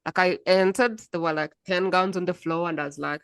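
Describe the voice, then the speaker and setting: A woman's voice: fairly low pitch, fairly even intonation, fairly quick, clear, resonant tone, dry recording, clean studio sound. A woman hosting a podcast interview, telling stories in a chatty way and murmuring along as she listens. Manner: chatty storyteller, frequent murmured mm's. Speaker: podcast host. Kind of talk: casual interview chat.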